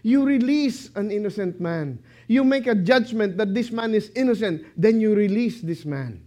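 A man preaching a sermon, slow and emphatic, who keeps asking rhetorical questions. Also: high voice, animated, mellow.

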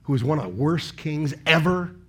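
A man preaching a sermon in a conversational way, asking the congregation questions and punching key words with sudden loud emphasis. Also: fairly high pitch, lively intonation, moderate pace, breathy edge. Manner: asks the congregation rhetorical questions.

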